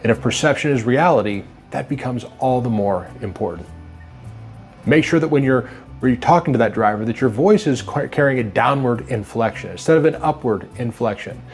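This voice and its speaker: A man giving a scripted motivational talk to trucking managers, speaking in a steady, instructive and emphatic way. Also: mid-range voice, brisk, soft background music.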